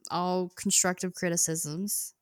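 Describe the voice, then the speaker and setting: A woman's voice: on the low side, little pitch movement, slow, dry recording, clean studio sound. A woman co-hosting a casual podcast, teasing and giggling through loose banter. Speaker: podcast co-host. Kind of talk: casual chat.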